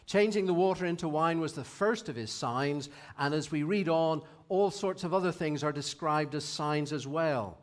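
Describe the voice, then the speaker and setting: A man in his sixties gives a calm, thoughtful sermon. His voice sits a little high for a man, and he takes his time over each line of scripture. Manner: measured, reflective, reads scripture aloud. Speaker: preacher. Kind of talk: sermon reading.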